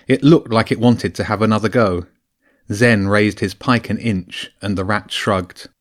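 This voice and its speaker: A man narrating a children's adventure audiobook with a lively, expressive reading. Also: fairly low pitch, measured pace. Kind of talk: storybook narration.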